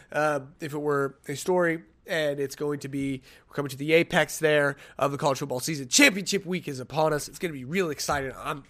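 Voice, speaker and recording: A man hosting a solo sports podcast, chatting casually, rambling and joking at his own expense as he thinks out loud. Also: a little high. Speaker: podcast host.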